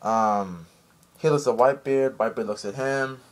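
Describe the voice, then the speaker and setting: Casual male fan reviewer, mid-pitched, chatty and loose, lots of fillers. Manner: rambling, chatty, frequent "um" and "like"; slips into quick high voices when quoting characters. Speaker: anime episode reviewer.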